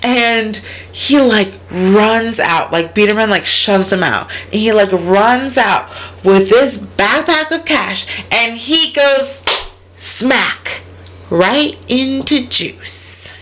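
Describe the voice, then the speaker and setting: A woman's voice: on the high side, animated, slow, a bit bright. A woman co-hosting a casual podcast, animatedly retelling a movie's plot, acting out the characters' lines, swearing and laughing as she goes. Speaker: podcast co-host recapping a movie. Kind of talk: casual chat.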